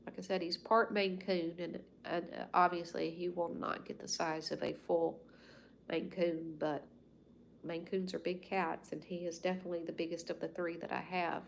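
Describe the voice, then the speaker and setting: Gravelly and fairly low, with little pitch movement, this woman talks at normal speed over slight background noise. She's in her fifties, from the US South, and hosts a casual home livestream where she rambles folksily to viewers with soft asides.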